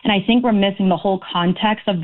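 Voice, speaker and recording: A woman's voice: mid-range voice, steady tone, fast talker. A woman calling in to a talk radio show, speaking earnestly and with a sense of grievance. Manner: earnest, aggrieved, talks in long runs. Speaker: caller. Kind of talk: phone-in talk radio call. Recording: tinny phone line.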